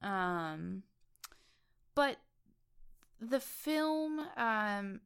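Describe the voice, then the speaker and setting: Gravelly-voiced woman reviewing films. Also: medium pitch, extremely slow. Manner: animated, retells scenes in detail. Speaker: podcast co-host. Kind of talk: casual film review chat.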